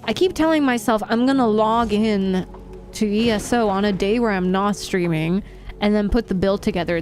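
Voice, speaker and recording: A young woman live streamer chatting casually with her audience, laughing often and reacting to chat. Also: mid-range voice.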